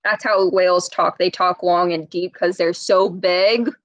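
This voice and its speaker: A speech therapist shares a picture book with young children, teacher-like and patient, and keeps asking them questions. She has a lowish voice with fairly even intonation, speaks a little slowly, and there's no room sound.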